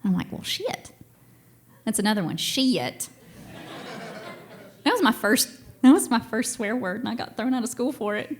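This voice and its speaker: A woman's voice: on the high side, animated, moderate pace, long pauses. A young woman from Tennessee and Georgia with a Southern accent, telling a story on stage to a live audience in a chatty, self-deprecating way.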